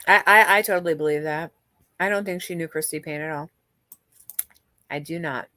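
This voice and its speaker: Speaking in a low, pushed, bright voice at normal speed, this livestream host gossips and chats casually with live viewers. She swears a lot and keeps restarting her sentences, and there's no echo.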